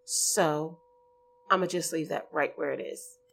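A woman's voice: deep voice, fairly even intonation, a little slow, creaky, a bit bright, slight background noise. A woman hosting a podcast alone, talking to her listeners in a chatty, earnest way with many "like" and "um" fillers. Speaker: podcast host. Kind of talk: casual solo podcast monologue.

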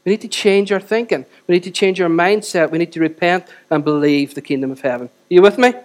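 High-voiced man preaching with fervor. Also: quick pace. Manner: emphatic, swinging between loud exhortation and quiet intimacy; keeps asking the audience rhetorical questions. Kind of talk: sermon to a live congregation. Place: church service.

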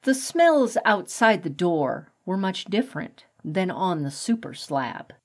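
A woman reading a children's animal story aloud in a calm, measured way. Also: lowish voice. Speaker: narrator. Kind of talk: audiobook narration.

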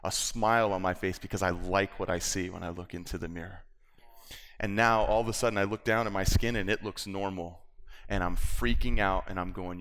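Low-voiced preacher in an echoing church. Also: male voice, steady tone, fairly quick. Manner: storytelling, swings from hushed to fervent. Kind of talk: testimony sermon. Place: church sanctuary. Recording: long hall reverb in a church.

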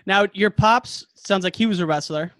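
A man hosting a casual interview, upbeat and quick to laugh. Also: high voice, fairly bright tone, no echo, clean studio sound. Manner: upbeat, laughs easily, calls guest man and dude. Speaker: podcast host.

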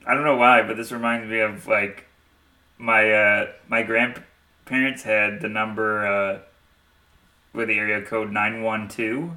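A man co-hosting a podcast in casual chat, reacting with laughs and telling unhurried stories. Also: on the low side, level tone, bright, forceful tone, distant mic. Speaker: podcast co-host.

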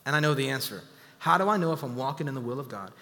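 A man's voice: mid-range voice, lively intonation, very fast, pushed and bright. A man in his thirties preaching a sermon as a pastor, rising and dropping in volume and acting out the voices of people he quotes. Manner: preaching with sudden rises and drops in volume. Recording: long hall reverb.

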